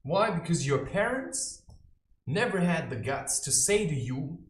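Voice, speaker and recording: A man holds forth in a preachy, mocking monologue, with a tone that swings widely and theatrically. He talks to camera from his own room. The room adds a clear echo to his voice. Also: fairly high pitch, sing-song, unhurried, slight background noise. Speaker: self-styled spiritual advisor. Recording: roomy echo.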